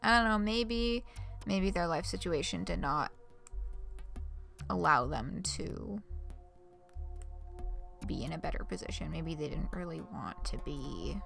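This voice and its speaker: Woman streamer talking to chat, slow and gravelly, faint music behind. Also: lowish voice, lively intonation, fairly bright tone. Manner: chatty, giggly, talks to chat. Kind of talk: casual let's-play chat.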